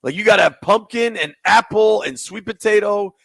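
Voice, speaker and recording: A man's voice: sits high, moderate pace, creaky, a bit bright, no room sound. A man hosting sports talk radio, taking listener calls in a casual, slangy way.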